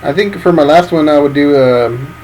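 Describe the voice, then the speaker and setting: A man co-hosting a casual podcast, talking quickly and hedging with lots of "like". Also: on the high side, a little mellow, far from the mic, a little hiss or hum, rough recording. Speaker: podcast co-host.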